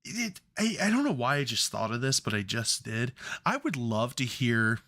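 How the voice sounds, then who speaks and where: A man's voice: medium pitch, very animated, moderate pace, bright, forceful tone. A man co-hosting a sports podcast, chatting casually, rambling and swearing freely when worked up. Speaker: podcast co-host.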